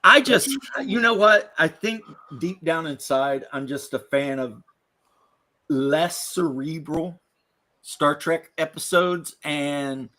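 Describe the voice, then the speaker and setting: A man's voice: fairly high pitch, slow pace, bright, forceful tone. A man co-hosting a casual chat, blunt and opinionated. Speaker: podcast co-host.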